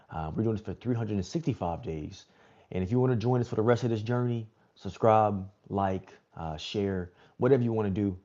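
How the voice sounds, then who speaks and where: A laid-back man hosting a livestream, chatting loosely with viewers and reading scripture aloud. His voice sits low and mellow, and his talk is easygoing and slangy. The stream audio is dull and lo-fi. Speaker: livestream host reading the Bible. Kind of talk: casual livestream chat and Bible reading.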